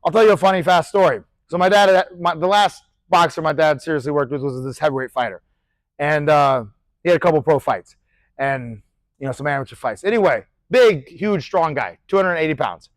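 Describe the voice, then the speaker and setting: A man's voice: on the high side, a little fast, no room sound, low-quality recording. A middle-aged man coaching boxing in a loose, chatty way, now and then barking out punch sounds as he demonstrates. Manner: animated, demonstrates punches with shouted sound effects; loose, chatty, swears casually. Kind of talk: casual instructional talk.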